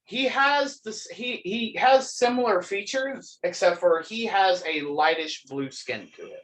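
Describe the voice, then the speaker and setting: Man narrating as game master, a bit high. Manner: relaxed, halting, many ums.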